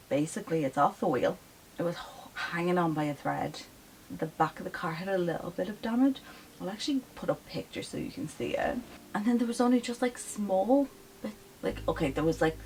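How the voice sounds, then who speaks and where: Chatty young woman with gravelly fry. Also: lowish voice, poor audio. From grew up in the countryside on a farm. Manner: animated, chatty, full of fillers and self-corrections. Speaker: vlogger. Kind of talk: casual storytelling chat.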